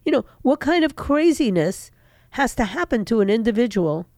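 Woman talk radio host, indignant, emphatic, very animated pitch, dry studio mic. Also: normal speed, no echo. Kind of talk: opinionated talk radio monologue.

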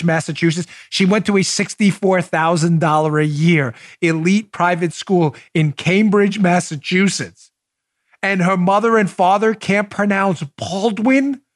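A man hosting a political commentary podcast, sarcastic and incredulous, firing off rhetorical questions. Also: high voice. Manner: sarcastic, mocking asides. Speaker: podcast host.

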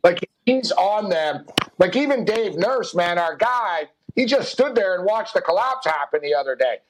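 A high-pitched man hosting a sports betting chat show. He tells stories with lots of energy, acts out every line of dialogue, and breaks into laughter as he goes. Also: normal speed, noisy background. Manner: animated storyteller who acts out dialogue, laughing often. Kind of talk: casual chat.

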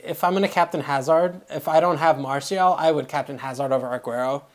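Podcast co-host, male, relaxed and rambling, casual football chat. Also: fairly high pitch, fairly quick. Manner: relaxed, rambling, frequent fillers.

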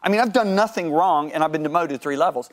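A man telling a personal faith story as an interview guest, acting out his dialogue with God and repeating words when excited. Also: on the high side, fast. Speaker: guest sharing his testimony.

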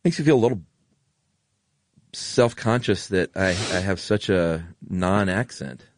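A man's voice: sits low, a little slow, dry recording. A middle-aged man with a General American accent, co-hosting a podcast in casual, enthusiastic chat. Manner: enthusiastic, gushing. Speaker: podcast co-host.

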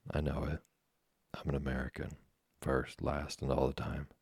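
A man's voice: very deep voice, flat delivery, moderate pace, vocal fry, darkish tone, husky, no room sound, studio quality, exaggerated voice. A man voicing a brash, boastful American teenage boy who talks in cocky slang.

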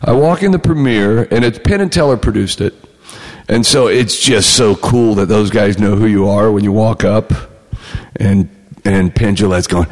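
A man's voice: lowish voice, unhurried, darkish tone, in a large hall. A man, a comedy writer, telling stories in a casual interview and acting out the lines of other people. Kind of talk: casual storytelling.

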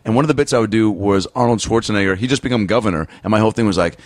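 Low-voiced comedian host chatting. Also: male voice, racing, no echo. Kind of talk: casual podcast chat.

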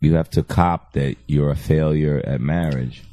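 A man's voice: a bass voice, fairly even intonation, a little slow, warm tone, no echo. A man in casual chat, speaking in a laid-back, reflective way.

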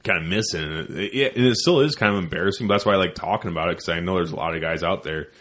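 A man with a very deep voice talks in a loose podcast chat. He is blunt and swears freely, and he pokes fun at himself. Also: racing, fairly bright tone. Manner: blunt, profane, self-deprecating. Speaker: podcast host. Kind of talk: casual chat.

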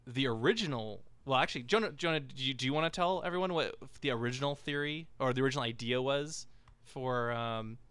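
A man's voice: mid-range voice, quick pace, fairly bright tone, clean tone, no room sound. A man hosting a casual podcast discussion, talking in a rambling way with many fillers and restarts. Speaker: podcast host.

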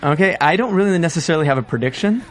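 An enthusiastic male host leading a casual panel chat, with a slightly high voice. He rambles a little as he moves the talk along. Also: expressive, rapid-fire.

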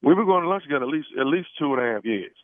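A brash man talks quickly on a prank phone call, stammering as he pushes his case. His voice is mid-pitched and sounds tinny and dry, as if over a phone line. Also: animated, dry recording. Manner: brash, matter-of-fact, stammering. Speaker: radio prank caller.

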